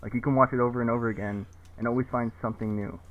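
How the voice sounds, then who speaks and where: A man guesting on a podcast, talking in a hesitant, deadpan way with lots of fillers about his video essays. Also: racing, background noise. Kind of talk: casual podcast chat. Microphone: cheap low-quality mic. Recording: tinny phone-like low-quality mic.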